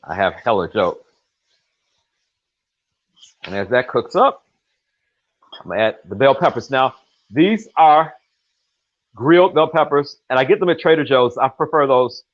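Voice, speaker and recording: A man's voice: medium pitch, animated, unhurried, pauses often, lo-fi sound. An older man from the United States hosting a casual cooking livestream in his home kitchen, talking in a chatty, rambling way with jokes and self-corrections.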